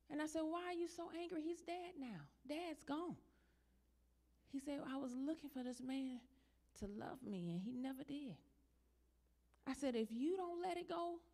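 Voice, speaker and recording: A middle-aged woman minister preaching to her congregation in a church, her voice sitting a little on the high side. She talks with them plainly at first, then swells into loud, emphatic, high-pitched passages. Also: creaky. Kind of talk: sermon.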